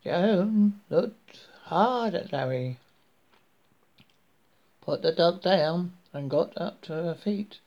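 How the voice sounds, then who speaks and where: A man reads a horror story aloud for his podcast, taking it slowly and deliberately. His voice is gravelly and sits a little high. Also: expressive, a little mellow, highs cut off. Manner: slow, deliberate reading with small restarts.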